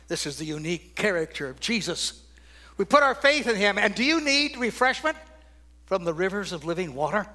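An older man preaching a sermon, swinging from loud, ringing declarations down to hushed, almost whispered lines. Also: high-pitched, expressive, a little fast.

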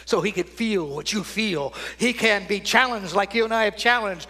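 An older man preaching a sermon with a high voice that rings out bright and forceful on the big lines. He then drops to hushed, near-whispered phrases for emphasis, with wide swings in loudness. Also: normal speed, few pauses.

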